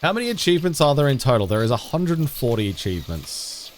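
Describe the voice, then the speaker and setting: A man's voice: medium pitch, very animated, fast, a little hiss or hum. A young man livestreaming a game, chatting casually and self-deprecatingly with viewers, often restarting his sentences. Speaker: game streamer.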